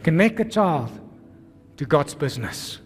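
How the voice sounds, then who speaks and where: A South African man, a pastor, preaching an energetic sermon full of rhetorical questions and calls to the congregation. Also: fairly high pitch, a little slow. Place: church. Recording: long reverb of a church hall.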